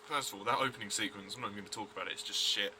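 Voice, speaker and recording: Blunt male reviewer, tense bright voice, faint hiss behind. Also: on the low side, rapid-fire. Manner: blunt, rambling, many fillers and restarts. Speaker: TV episode reviewer. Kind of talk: casual review vlog.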